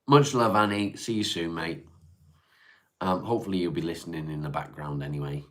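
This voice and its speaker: Low-voiced man chatting. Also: fairly quick, a bit bright. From North West England. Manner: laid-back, sighing, hums to himself between comments. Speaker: livestream host. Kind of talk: casual livestream chat, reading and answering viewer comments. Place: at home.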